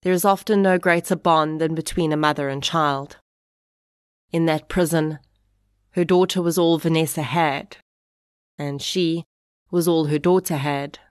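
A woman narrating a podcast, reading a measured, reflective script. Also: deep voice, fairly even intonation, smooth, no echo, clean studio sound.

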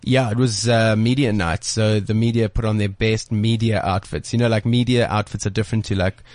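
Young guy hosting radio, lowish voice, teasing jokes, dry studio. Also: fairly even intonation, brisk, darkish tone, no echo. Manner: joking, teasing, dry asides. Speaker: co-host. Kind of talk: casual radio chat.

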